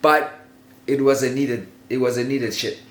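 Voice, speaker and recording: A man telling a childhood story in a casual, animated way, laughing often and swearing freely. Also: mid-range voice, moderate pace. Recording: roomy echo with faint ambient noise.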